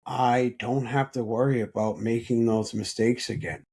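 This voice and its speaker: A man speaking as a podcast guest, telling a personal story in an earnest, halting way with frequent restarts. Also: mid-range voice, fairly even intonation, a little mellow, breathy edge.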